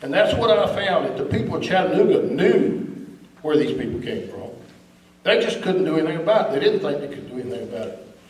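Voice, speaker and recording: A man with a fairly high voice speaks at a political meeting, emphatic and scornful in tone. He is picked up from across an echoey room with faint background noise. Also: animated, a little fast, a little mellow. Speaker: guest speaker. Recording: echoey room, recorded from a distance.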